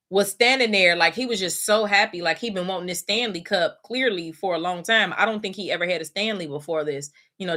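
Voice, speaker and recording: A woman talks from her desk at home, gushing and swearing as she tells a story. Her voice is bright and sits at a middle pitch. She breaks into loud squeals when she gets excited. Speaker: podcast host. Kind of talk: casual chat.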